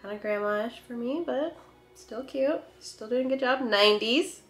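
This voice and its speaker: A woman's voice: a little high, moderate pace. A woman hosting a casual reaction video, gushing and gasping with delight at each clip. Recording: echoey room with faint music.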